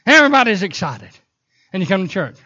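A man preaching a sermon in a church, telling animated stories broken up by sudden whoops. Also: high voice, fast talker, muffled recording. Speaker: pastor. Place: church sanctuary.

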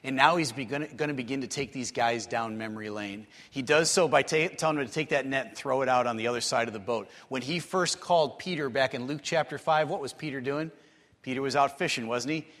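A man preaching a sermon, telling stories and acting out the people in them, building to excited, animated stretches. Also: medium pitch, fairly quick. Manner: storytelling, acts out quotes, rises to excited bursts. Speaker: pastor. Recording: long hall reverb.

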